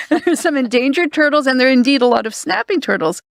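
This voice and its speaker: A middle-aged woman from Canada, co-hosting a podcast with a fairly high, lively voice. She tells stories in animated casual chat and laughs often. The studio sound is dry and close. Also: fairly quick, creaky, dry recording. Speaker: podcast co-host. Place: recording studio.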